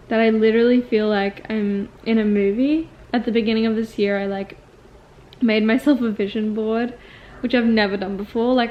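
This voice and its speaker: A woman's voice: on the high side, lo-fi sound. A woman in her twenties talking to her viewers in a casual confessional vlog, chatty and rambling with lots of "like" fillers. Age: 20s. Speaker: vlogger and acting student.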